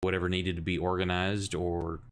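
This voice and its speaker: Male GM, deep voice, relaxed descriptive narration. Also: a little fast. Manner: casual, loose descriptive narration. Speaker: game master. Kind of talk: narrating a tabletop game.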